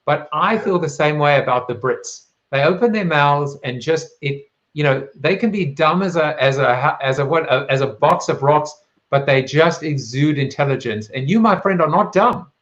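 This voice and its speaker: A man with a South African accent hosting a live talk show, rhetorical and playful with quick asides. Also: on the high side, lively intonation, a bit bright, muffled recording. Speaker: show host.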